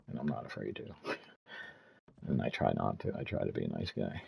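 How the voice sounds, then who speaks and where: Gravelly deep-voiced man in his fifties. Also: lively intonation, normal speed, long pauses, darkish tone, slight background noise. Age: 50s. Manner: ranting, swearing storyteller. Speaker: gaming streamer. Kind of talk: casual stream chat.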